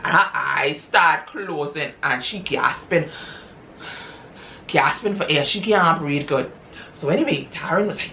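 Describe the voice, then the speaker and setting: A woman casually retelling a story she wrote, chatty and drawn-out, often calling her listeners y'all. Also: low-pitched, pushed and bright, a little hiss or hum. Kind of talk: casual spoken story recap.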